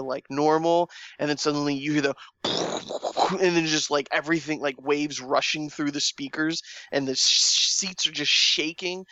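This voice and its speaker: Man, casual podcast chat, rambly with fillers, slightly high voice, dry muffled mic. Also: sharp tone, dry recording. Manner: rambling, with many restarts and fillers.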